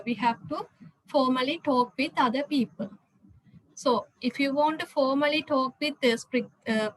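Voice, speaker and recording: A woman with a high voice gives a recorded slide lecture. She pauses often on "uh" and restarts words midway, keeping an explanatory classroom tone. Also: low-quality recording. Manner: hesitant, frequent "uh" fillers and restarts.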